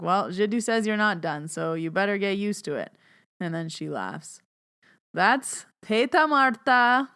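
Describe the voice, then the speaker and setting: Woman, 30s, podcast host; smooth low voice, chatty storyteller, lots of "like". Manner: chatty, animated retelling with lots of "like". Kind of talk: casual storytelling monologue.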